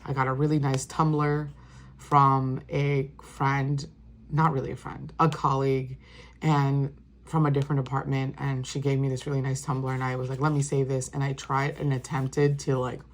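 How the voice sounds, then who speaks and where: A woman's voice: extremely low pitch, little pitch movement, normal speed. A woman vlogger casually rambling through a walk-through of her craft journal, with many fillers and restarts. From New York State.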